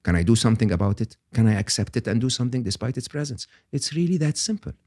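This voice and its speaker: An older man, a guest on an interview podcast, explaining ideas in an animated, emphatic way and often checking in with "okay?". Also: mid-range voice, fast, dry recording.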